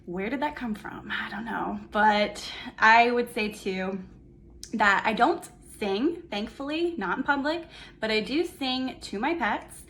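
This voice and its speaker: A young woman giving a memorial tribute to her mother, fond and reminiscing with gentle humor. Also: a little high, a little slow, a little hiss or hum, rough recording.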